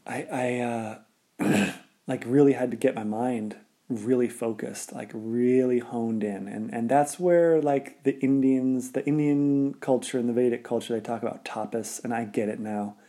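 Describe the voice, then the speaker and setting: Young adult man, easygoing storyteller, mellow middle-pitched voice, rambling chatty delivery. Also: steady tone, a little slow. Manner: rambling, laid-back, heavy use of filler words. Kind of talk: casual personal storytelling.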